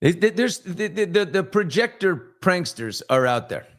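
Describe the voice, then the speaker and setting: A man's voice: high voice, big pitch swings, normal speed. A male host chatting casually on a live morning show. He jokes, rambles, and throws asides to his crew.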